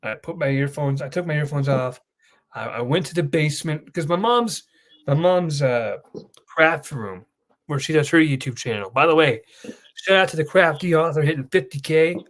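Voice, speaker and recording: A man's voice: on the high side, animated, normal speed. A young man hosting his channel, telling an emotional story in a rambling casual way. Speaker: host. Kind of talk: casual chat.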